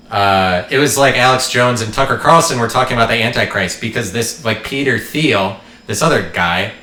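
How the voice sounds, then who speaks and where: Podcast host, male, low-pitched, sharp bright tone, rambling and irreverent, roomy sound. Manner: irreverent, joking, swears, trails off and restarts. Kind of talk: rambling solo podcast monologue.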